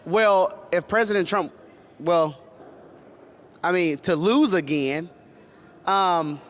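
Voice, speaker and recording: A man's voice: high voice, takes it slowly, a bit bright, slight background noise. A man from Texas being interviewed at a rally, talking passionately and often repeating himself and restarting. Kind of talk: street interview.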